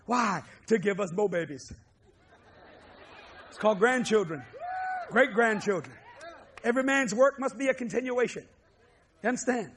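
A preacher from New Orleans with a Cajun accent, who shouts emphatic lines and drops low to chuckle through his stories. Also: lively intonation, normal speed, pauses often, a little hiss or hum. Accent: Cajun, Louisiana. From New Orleans, Louisiana. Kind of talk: sermon with humorous storytelling.

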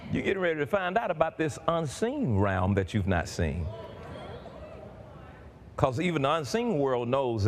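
A man preaching a sermon, fervent and building up to shouts. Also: fairly high pitch, slight background noise. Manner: fervent, building to shouts, calls and responses with the congregation.

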